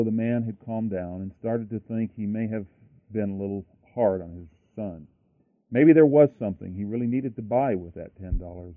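A man's voice: fairly low pitch, no room sound. A man preaching a sermon, building emphasis by repeating his phrases. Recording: tinny phone-like line, dry.

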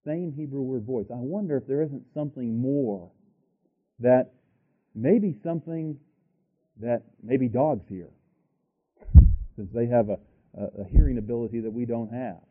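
A man preaching a sermon, reading scripture aloud and thinking aloud between verses with halting restarts. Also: medium pitch. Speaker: pastor. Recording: tinny lo-fi sermon tape.

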